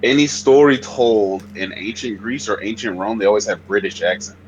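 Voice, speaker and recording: A man's voice: lowish voice, normal speed, background noise. A man chatting on a podcast through a headphone mic, curious and full of questions. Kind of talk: casual chat.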